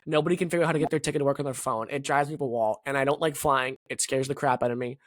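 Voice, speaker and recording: Fast-talking man on a dry mic. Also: mid-range voice, fairly even intonation, dry recording. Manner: grumbling rants, blunt picks. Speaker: podcast co-host. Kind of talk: casual sports chat.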